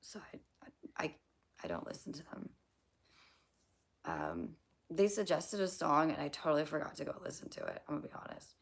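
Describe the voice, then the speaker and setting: Hoarse low-voiced young woman streaming. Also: huge pitch swings, moderate pace, long pauses, whispered. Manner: rambling, swearing, slangy, laughing at her own jokes. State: hoarse, losing her voice. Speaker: livestream host answering chat. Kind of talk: casual livestream chat.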